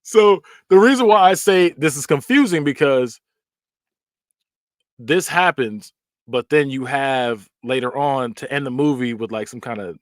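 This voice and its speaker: Man, podcast host, casual movie recap, very animated delivery, dry close sound. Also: medium pitch, measured pace, dry recording. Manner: animated, acts out scenes with yelps and quoted voices; loose and conversational with frequent fillers.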